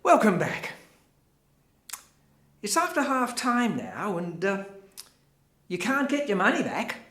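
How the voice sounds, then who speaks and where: An actor with an Australian accent playing a showy, evasive middle-aged crusade leader in a theatre monologue, chatting straight to the audience. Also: male voice, high-pitched, huge pitch swings, slow pace, a bit bright, heavily acted. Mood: showy, chatty. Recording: roomy, echoey.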